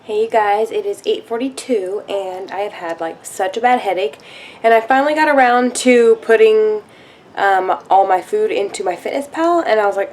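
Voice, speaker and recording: A woman's voice: mid-range voice, moderate pace, a little mellow, slight background noise. A young woman vlogging her day, chatting casually to her viewers. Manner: chatty, addresses viewers as you guys. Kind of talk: casual chat.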